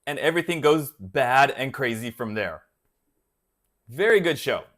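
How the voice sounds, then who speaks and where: A man's voice: mid-range voice, lively intonation, a little slow, fairly bright tone. A man hosting a guitar channel, chatting casually on a live stream and rambling until he loses his thread.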